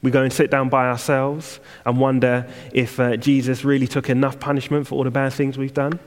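A man preaches to a church congregation, talking it through plainly and turning now and then to a wry aside. His voice sits at an ordinary middle pitch. A long reverb hangs after each phrase, as in a large church. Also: flat delivery, brisk. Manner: conversational, self-deprecating asides. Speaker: guest preacher. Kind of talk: sermon.

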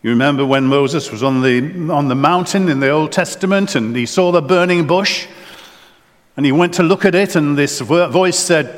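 A man's voice: fairly high pitch, normal speed. A man preaching a sermon in earnest, often repeating words and restarting phrases. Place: church. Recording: long church reverb.

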